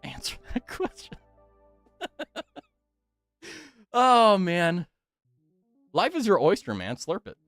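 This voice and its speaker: Animated, laughing male streamer. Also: a little high. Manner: animated, swears freely and laughs often. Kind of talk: casual chat with viewers.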